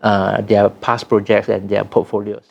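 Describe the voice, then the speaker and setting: A man's voice: fairly low pitch, flat delivery, moderate pace, creaky, a little mellow, dull audio. A man, co-hosting a podcast and explaining careers in a thoughtful way, often restarting his sentences. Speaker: podcast co-host, data science trainer. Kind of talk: casual podcast chat.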